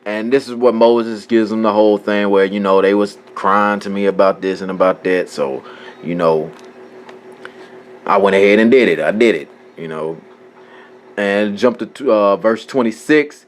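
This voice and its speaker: A man's voice: on the low side, moderate pace. Man reading and teaching scripture casually. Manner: reads scripture aloud, stops to correct himself; informal, talks straight to viewers. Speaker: religious teacher.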